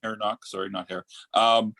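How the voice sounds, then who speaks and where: A man's voice: lowish voice, flat delivery, moderate pace, sharp tone. A man co-hosting a podcast, asking questions in a playful, bantering way during a casual interview. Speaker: podcast co-host.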